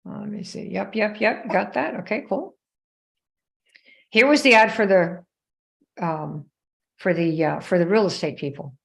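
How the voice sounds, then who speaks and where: A woman's voice: mid-range voice, a little slow, vocal fry, pauses often. A woman hosting a live stream, telling a story in a conversational way, checking in with viewers by name and acting out quoted dialogue in her own voice. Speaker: live show host.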